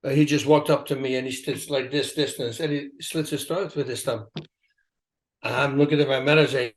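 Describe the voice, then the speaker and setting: A man in an interview, telling stories in a lively, emphatic, casual way. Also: medium pitch, brisk. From Netherlands. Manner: animated, emphatic storytelling with asides. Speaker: interview guest, retired fighter. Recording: echoey room.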